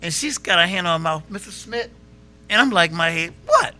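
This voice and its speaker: A man with a slightly high voice talks at a quick pace. He hosts a local talk show, chatting casually and animatedly telling stories while acting out the people and quotes in them.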